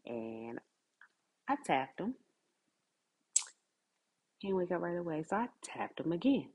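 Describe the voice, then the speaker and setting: A woman with a notably low voice tells a personal story at an unhurried pace, loose and chatty, leaning on "like" and "you know". The recording sounds dull and lo-fi. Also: big pitch swings, breathy edge. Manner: conversational, many fillers like "like" and "you know". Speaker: podcast host.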